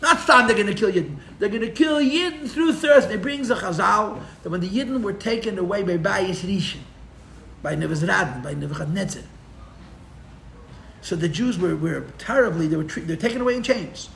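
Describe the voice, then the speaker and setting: A man teaching a live Torah class as a rabbi, telling the story with animated, sarcastic humor and mixing in Hebrew and Yiddish terms. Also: sits high, fairly quick, vocal fry, reverberant, a little hiss or hum. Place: room for a live-streamed class.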